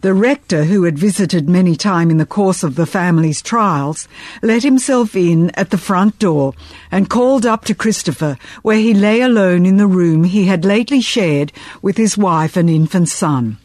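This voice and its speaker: A woman reading a first-person historical novel aloud in measured, expressive audiobook narration. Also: fairly low pitch, no echo.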